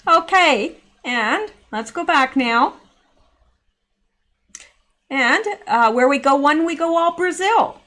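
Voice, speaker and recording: A middle-aged woman chats her way through a video commentary. Her voice sits a bit high, and she drifts into rambling asides as she goes. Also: animated, takes it slowly, pauses often, sharp tone. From Canada. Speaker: channel host.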